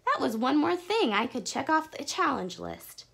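A woman reading a children's chapter book aloud in a gentle, expressive storytelling voice. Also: high voice, normal speed, creaky. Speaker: audiobook reader.

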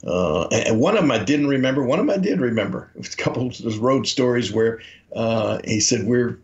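A man's voice: mid-range voice, animated, fairly quick, darkish tone. A man, a podcast co-host telling rambling anecdotes and acting out the quotes in them. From Memphis, Tennessee. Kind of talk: casual storytelling. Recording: dull lo-fi audio.

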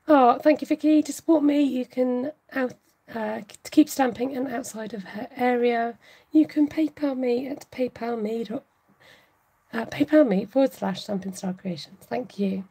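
A woman with a slightly high, mellow voice talks through a relaxed livestream craft tutorial. Her tone carries a light husky edge, and she chats freely and laughs easily between steps. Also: normal speed, poor audio. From United Kingdom. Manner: chatty, laughs often, reads viewer comments aloud. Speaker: craft channel host.

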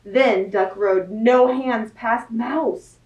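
A woman's voice: on the high side, dull audio, a little hiss or hum. A woman reading a picture book aloud to children at a library storytime. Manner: slow, expressive read-aloud. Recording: echoey room, mic at a distance.

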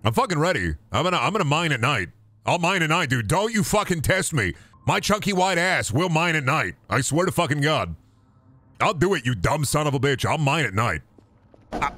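A man streaming a video game, cursing and trash-talking loudly, then dropping to low mutters. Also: very animated, moderate pace, dry recording. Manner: profane, rowdy trash talk to the game; jumps between loud yelling and low mutters. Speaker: gaming streamer. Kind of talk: live gaming stream commentary.

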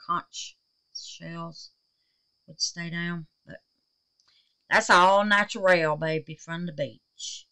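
A woman's voice: lowish voice, steady tone, takes it slowly, long pauses, bright, forceful tone, smooth, low-quality recording. A woman hosting a crafting vlog in her home art room, chatting with viewers and calling them baby and darling. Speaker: resin art channel host. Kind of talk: casual crafting vlog chat.

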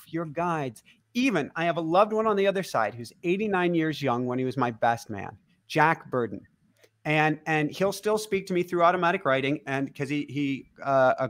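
A man as a guest teacher explaining things in casual conversation, animated and laughing often. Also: fairly high pitch.

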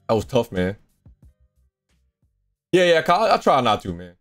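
A man's voice: medium pitch, sing-song, moderate pace, long pauses, soft background music. A man streaming a shooter game, chatting casually with friends and stammering over his words when he hesitates. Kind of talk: casual gaming voice chat.

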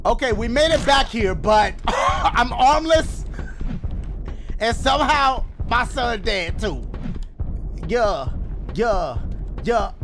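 High, yelping man playing a game. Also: expressive, slow pace, long pauses, background noise. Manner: loud, yelps and shouts often; talks to the audience as "guys". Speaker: gaming channel host. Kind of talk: excited gameplay commentary.

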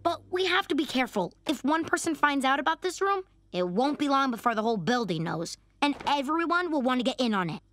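Sarcastic cartoon tween girl, dry and cool, high with lively swings. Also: fairly quick, few pauses.

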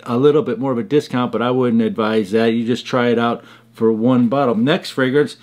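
A man's voice: mid-range voice, steady tone, a little fast, a little mellow. Chatty man reviewing fragrances. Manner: chatty, conversational storytelling. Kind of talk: casual product review vlog.

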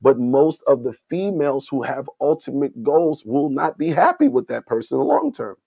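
A man's voice: medium pitch, very animated, normal speed, creaky, dark tone, breathy edge, no room sound. A middle-aged man from New York City hosting a casual talk, telling stories emphatically, often repeating himself and checking in with "right?". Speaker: host. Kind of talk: casual conversational storytelling.

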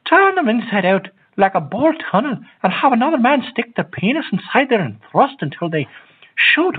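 A husky, mock-polite prank caller rambles in a lively, sing-song voice, as a man acts it out. The sound comes through thin and tinny, as if over a phone. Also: very high-pitched, exaggerated voice. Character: lewd, folksy prank caller.

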